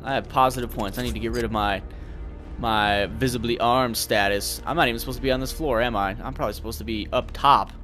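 A young man giving casual, excitable gameplay commentary, thinking aloud and swearing. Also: mid-range voice, fast talker, faint music behind.

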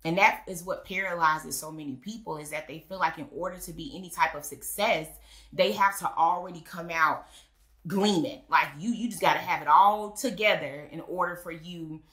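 Woman, lively storyteller, acts out quoted voices, low and bright voice. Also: normal speed. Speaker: wedding officiant and business owner. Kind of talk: casual interview storytelling. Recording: echoey room.

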